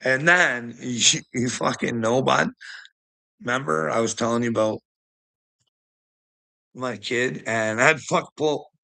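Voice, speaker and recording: A middle-aged man rants in a gravelly, tense voice, swearing freely and breaking into laughter. He taunts someone he calls "bud". His tone stays sharp and edgy. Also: mid-range voice, takes it slowly, pauses often. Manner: taunting, addresses the listener as bud. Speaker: vlogger. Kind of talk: profane ranting monologue.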